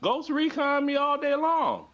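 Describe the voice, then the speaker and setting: A man's voice: very high voice, very animated, measured pace, a bit bright, dry recording, highs cut off. A man goading someone with sing-song taunts on a live stream. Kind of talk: trash talk on a live stream.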